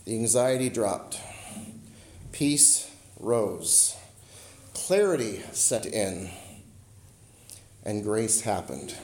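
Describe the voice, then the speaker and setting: A man preaching a sermon as a pastor, telling a personal story and slowing and softening his voice on key lines. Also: a little high. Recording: roomy echo.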